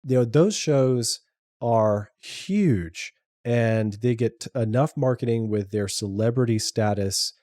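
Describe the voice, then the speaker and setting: A middle-aged man with a mellow, dark voice, co-hosting a podcast in easy conversation. He stumbles over the start of his sentences and restarts them before landing the thought. The sound is dry and close. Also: medium pitch, slow pace, no echo. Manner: trips over words, many restarts. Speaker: podcast co-host and editor. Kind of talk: casual chat.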